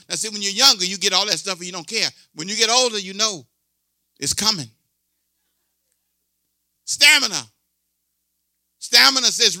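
A man's voice: high-pitched, normal speed, long pauses, bright, forceful tone, no echo, studio quality. A pastor in his sixties preaching a sermon with emphatic, repetitive call-and-response delivery.

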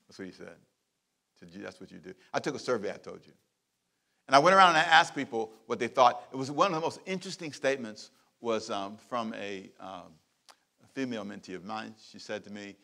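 With a voice on the low side, a middle-aged man who pastors delivers a sermon marked by emphatic repetition and big shifts in loudness.

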